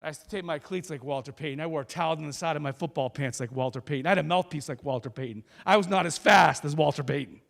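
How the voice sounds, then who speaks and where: Male guest speaker, lively storyteller, higher-pitched voice. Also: fast, creaky, few pauses, in a large hall. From New Hampshire. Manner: animated, acts out every character. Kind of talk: motivational storytelling speech.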